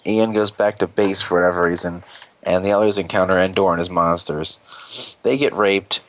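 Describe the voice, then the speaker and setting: A man's voice: low voice, steady tone, normal speed, a bit bright, lo-fi sound. A man hosting a podcast, casually recapping an episode in a rambling, joking way with plenty of swearing. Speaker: podcast host.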